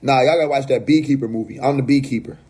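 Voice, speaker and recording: Livestream host, New York man, husky tone, blunt and profane, casual rant on a phone mic. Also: mid-range voice, quick pace, mellow. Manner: blunt, profane, laughing asides.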